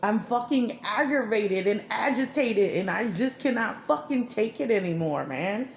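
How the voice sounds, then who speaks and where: A woman's voice: a little high, expressive, normal speed, vocal fry. A woman ranting angrily and profanely about her life and her children's father. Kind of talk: angry personal monologue. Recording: echoey room with faint background noise.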